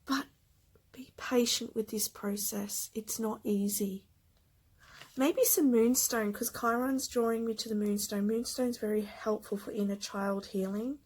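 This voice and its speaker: Slow, husky-voiced woman reading cards. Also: fairly high pitch, steady tone, rough recording. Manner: gentle, emotional, slow with soft whispered asides. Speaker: tarot card reader. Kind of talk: spiritual card reading.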